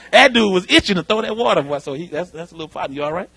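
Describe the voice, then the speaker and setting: Male pastor, animated sermon delivery, high and husky. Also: rapid-fire, few pauses, no echo. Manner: animated preaching, calls out to the congregation. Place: church sanctuary.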